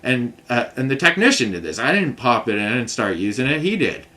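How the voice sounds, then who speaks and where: A man's voice: mid-range voice, big pitch swings, brisk, pushed and bright. Man, casual vlog monologue, venting and rambling with a mid-range voice and a heavy use of filler words. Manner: frustrated, rambling storytelling full of "like" and "you know what I mean". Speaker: vlogger recounting a customer complaint.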